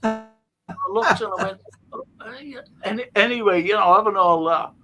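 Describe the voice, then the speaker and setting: A man's voice: high-pitched, sing-song, normal speed, bright, forceful tone, faint music behind. An older man with a Liverpool accent, hosting a casual chat, reading out viewer comments and telling stories with frequent laughter. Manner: storytelling, laughing often. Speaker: host.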